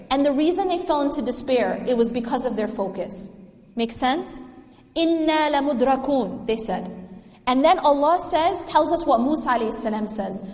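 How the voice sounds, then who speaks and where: A woman giving a religious lecture to a live audience, engaging them with questions. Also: sits high. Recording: echoey lecture hall.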